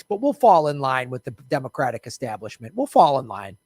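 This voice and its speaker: A man's voice: high voice, very animated, fairly quick, hardly any pauses, no room sound, clean studio sound. A man ranting about politics with a raised, frustrated voice and a sarcastic edge. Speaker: political commentator. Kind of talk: ranting monologue.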